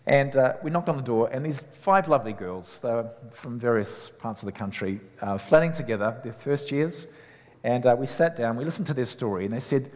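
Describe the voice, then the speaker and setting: A man preaches a sermon, chatty and full of stops and restarts as he tells stories. His voice sits at an ordinary pitch. It rings out in a hall with a long reverb. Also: lively intonation, moderate pace, a little mellow. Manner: conversational, many fillers and restarts. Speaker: chaplain and preacher.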